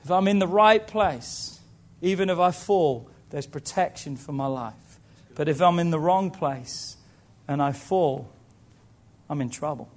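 Male pastor, high-pitched voice, preaching sermon, calls out to the congregation. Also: a little slow. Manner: preaching with call-outs to the congregation; tells stories and voices the people in them.

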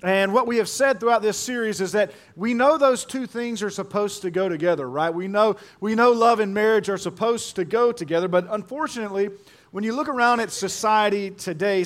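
A middle-aged man preaching a sermon as pastor, animated and joking, repeating key phrases for emphasis. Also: high voice, brisk.

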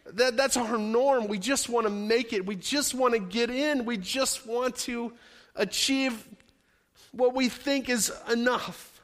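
A male pastor with a notably high voice delivers a sermon, driving his points home through repeated, rhythmic phrases. His voice rings out with a long reverb in a large church hall. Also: steady tone, slow, fairly bright tone. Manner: emphatic preaching with repeated building phrases. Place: church sanctuary.

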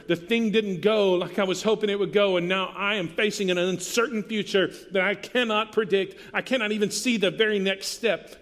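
A man with a slightly high voice preaches in a long-echoing hall. He is earnest and conversational, leaning into tender lines quietly. It sounds like a church sermon. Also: normal speed, hardly any pauses. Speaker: pastor.

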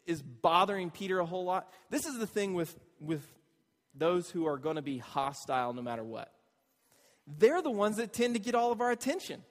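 A man preaching a conversational sermon, animated and asking the listeners rhetorical questions. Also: high-pitched, in a large hall. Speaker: pastor.

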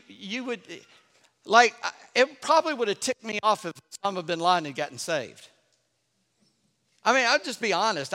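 Animated preacher in a reverberant hall. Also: male voice, a little high. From Charleston, South Carolina. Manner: animated storytelling, drops to a hush for effect. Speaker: pastor. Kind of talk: sermon.

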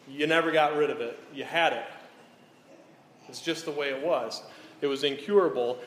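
A pastor preaching a sermon in an earnest way, often checking in with the listeners. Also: male voice, a little high, fairly bright tone. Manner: earnest, repeats "okay?" to check in. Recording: echoey hall, faint room noise.

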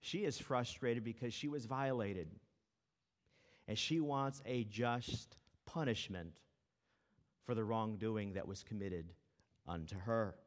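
A man preaching a sermon as a pastor, talking casually and telling a family story with small fillers along the way. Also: fairly low pitch. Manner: conversational, storytelling with filler words.

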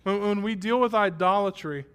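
A man's voice: high-pitched, normal speed, a bit bright, smooth. A man in his thirties preaching a sermon, self-deprecating and conversational, then rising to emphatic praise. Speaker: pastor. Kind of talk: sermon with personal story.

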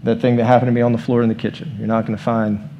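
A man preaching in a relaxed, conversational way, his pitch sitting in an ordinary middle range. He talks to the room informally as their pastor and guides them into prayer. A faint hiss sits under his voice. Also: rapid-fire, muffled recording. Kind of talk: conversational sermon.

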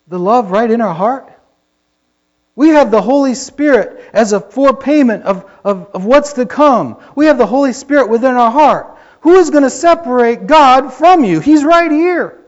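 A man preaching a sermon in a fervent way that rises to yelling when he gets excited, in a dull lo-fi recording. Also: very high voice, measured pace. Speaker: pastor.

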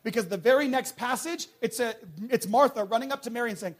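A man preaching a passionate sermon to a church, swinging from loud urgent peaks to hushed, quiet lines. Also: very high-pitched, quick pace.

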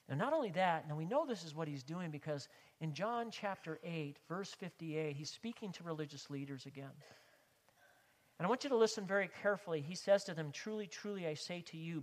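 A man preaching a sermon as pastor, with impassioned emphasis that swings between loud declarations and hushed, near-whispered lines. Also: a little high, big-room sound.

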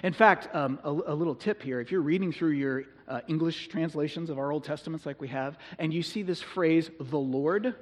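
An earnest male pastor preaches in a conversational way and slows down to stress his points. His voice sits a little high for a man. It rings with the long reverb of a large hall. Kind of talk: sermon.

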